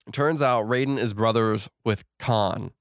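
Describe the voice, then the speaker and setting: A man's voice: on the low side, measured pace, no echo, studio quality. A man co-hosting a podcast, retelling a film plot in casual chat and acting out the characters' lines. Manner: animated retelling with acted-out quotes. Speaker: podcast co-host.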